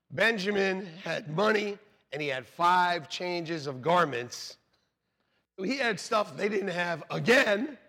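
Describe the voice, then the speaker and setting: A man preaching a sermon as pastor, telling stories with acted-out voices and jokes for the congregation. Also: fairly high pitch. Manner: animated storytelling, acts out voices, jokes with congregation. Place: church sanctuary.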